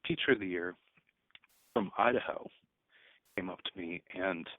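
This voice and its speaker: Earnest low-voiced man in his fifties. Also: normal speed, no echo. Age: 50s. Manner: earnest, choked up at times. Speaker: guest, teacher. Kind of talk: emotional radio interview. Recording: tinny phone line.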